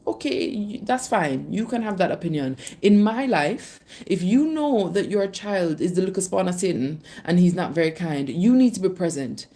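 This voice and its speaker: Chatty mother with a low, mellow voice. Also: animated, moderate pace, hardly any pauses. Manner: chatty storytelling, calls viewers babe and darling. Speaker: live-streaming mother. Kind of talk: casual live-stream chat.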